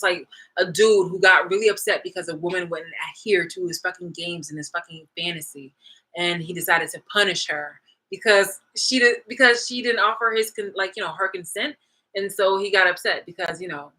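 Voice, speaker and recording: A woman with a lowish voice and a bright, forceful edge, venting to her audience. She talks bluntly and swears freely, laughing as she goes and dropping from loud bursts to low mutters. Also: low-quality recording. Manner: profane, blunt, swings between loud and low; laughs often mid-rant. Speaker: vlogger. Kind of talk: casual rant to camera.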